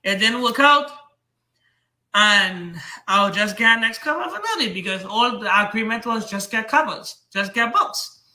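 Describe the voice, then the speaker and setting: Trinidadian male streamer, rambling defensive rant, piercing bright tone, roomy echo. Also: high-pitched, lively intonation, measured pace. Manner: rambling, repetitive, heated. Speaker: comic book seller and streamer.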